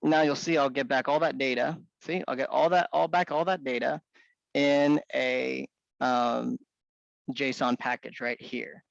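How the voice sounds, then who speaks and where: A man walking through a software demo in a casual, think-aloud manner with frequent restarts. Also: mid-range voice, fairly even intonation, measured pace, gravelly, no echo, muffled recording. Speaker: software developer demonstrating. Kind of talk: screen-share walkthrough.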